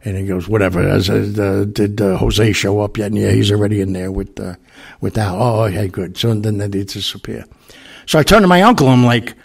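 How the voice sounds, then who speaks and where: A man's voice: fairly low pitch, fairly quick, vocal fry, husky. A man telling a long personal story in a casual, rambling way, with many fillers and restarts.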